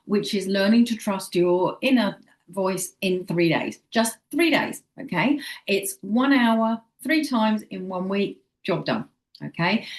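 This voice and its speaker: A woman talking straight to camera as a psychic medium, chatty and animated, acting out little quoted thoughts and checking in with "okay?". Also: medium pitch. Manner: chatty, acts out quoted inner voices, frequent "okay?". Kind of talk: casual direct-to-camera advice.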